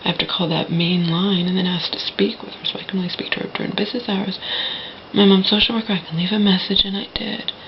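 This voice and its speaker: A woman's voice: mid-range voice, steady tone, fast talker, muffled recording, a little hiss or hum. A woman talking straight to her viewers from a home, rambling with many restarts and dropping into a whisper at times. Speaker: vlogger. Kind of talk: personal vlog monologue. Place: indoors at a home.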